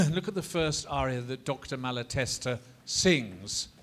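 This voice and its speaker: A man lecturing a class on opera in a lively, theatrical way, coaxing the students to repeat lines and demonstrating phrases. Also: mid-range voice, a little slow.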